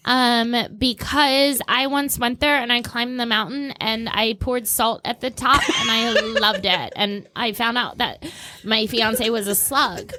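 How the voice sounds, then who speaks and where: A woman's voice: a little high, steady tone, measured pace, pushed and bright. A woman improvising rambling, playful answers as a speed-dater. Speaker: comedian playing dater. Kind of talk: improv comedy.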